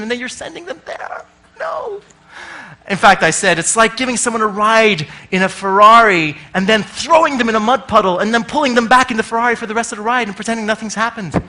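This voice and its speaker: A man giving a comic conference talk, animated and swearing freely, often acting out little voices. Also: extremely high pitch. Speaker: conference speaker.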